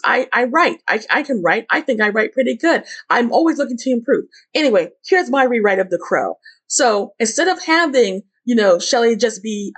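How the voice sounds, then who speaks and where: Rambling woman ranting about a film. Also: on the high side. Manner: frustrated, rambling, with many restarts. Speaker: movie reviewer. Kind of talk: casual ranting film review.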